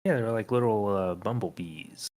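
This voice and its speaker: A man's voice: on the low side, moderate pace, a little mellow. A man co-hosting a casual comedic podcast, reading listener comments aloud and chuckling often. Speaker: podcast co-host.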